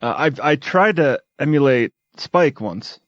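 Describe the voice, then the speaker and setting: A man with a Wisconsin accent co-hosting a podcast in casual chat, halting and full of fillers. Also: mid-range voice, lively intonation, dry recording. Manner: halting, with many fillers and short agreeing replies. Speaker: podcast co-host. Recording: dull, slightly lo-fi dry podcast mic.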